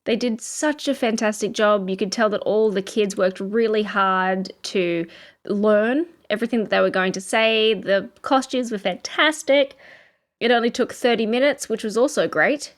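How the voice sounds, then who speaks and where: Co-hosting a casual podcast chat, an Australian woman spins stories conversationally and breaks into frequent laughter. She speaks in a mid-range voice at a moderate pace.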